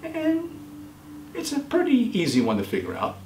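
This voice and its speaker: A man hosting a children's show, quizzing young viewers and praising each answer warmly. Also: wildly swooping pitch, normal speed, very noisy. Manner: encouraging, praises often, pitch jumps on answers. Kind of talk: quiz for children. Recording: echoey room.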